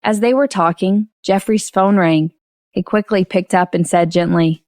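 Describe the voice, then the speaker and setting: A woman reads a novel for an audiobook, narrating steadily in a mid-range voice at a moderate pace. The sound is dry and studio-clean.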